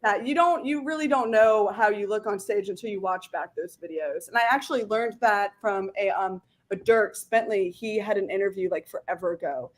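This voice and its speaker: A woman singer talking as a guest in a casual interview, chatty and animated, with many "like" fillers. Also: medium pitch, normal speed, few pauses.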